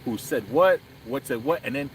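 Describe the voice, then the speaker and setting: A vlogger on a ride through city streets chats at normal speed in a mid-range voice, animatedly telling a story and voicing its quotes amid plenty of swearing. The rough recording carries a slight hiss or hum.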